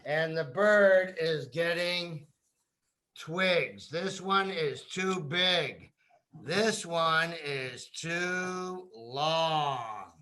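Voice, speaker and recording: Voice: medium pitch, expressive, very slow, pushed and bright. A teacher reading a picture book aloud to young children, drawing out words, repeating them and prompting the children to say them back.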